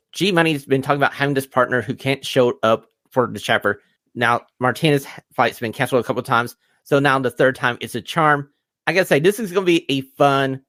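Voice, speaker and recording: Male podcast co-host, mid-pitched, eager hype-man delivery, dry close recording. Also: a bit bright, dry recording. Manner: upbeat, promotional, emphatic. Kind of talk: casual wrestling podcast chat.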